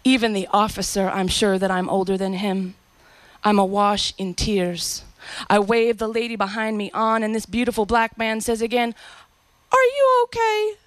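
A woman's voice: mid-range voice, level tone, normal speed, no echo. A woman performing a spoken-word story in a reflective, poetic and emotional way.

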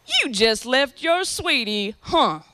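A woman voicing a gentle male airport security agent with a Southern US accent, speaking softly and reassuringly. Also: high-pitched, sing-song, slow pace, noisy background, exaggerated voice. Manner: soft, reassuring.

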